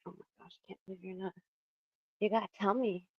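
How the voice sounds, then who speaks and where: A woman's voice: mid-range voice, fairly even intonation, quick pace, breathy edge, no echo, dull audio. A woman in her thirties hosting a casual livestream from her home kitchen, chatting in a rambling way and reading the chat aloud. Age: 30s. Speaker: livestream host. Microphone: phone.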